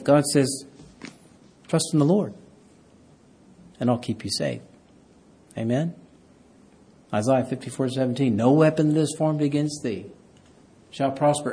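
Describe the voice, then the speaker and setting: A pastor preaching a sermon, reading scripture aloud and rising loud on key words. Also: male voice, mid-range voice, slightly rough.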